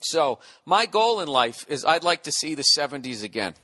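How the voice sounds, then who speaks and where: Podcast host, man in his 40s, from the United States, high bright voice, sarcastic profane rant. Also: big pitch swings, moderate pace. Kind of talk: solo comedic rant.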